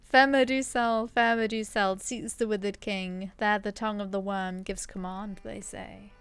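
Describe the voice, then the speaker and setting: A woman's voice: medium pitch, steady tone, moderate pace, clear, resonant tone, close to an everyday voice. A woman reading the lines of a gloomy male minstrel in a fantasy game, in a mournful half-sung recitation.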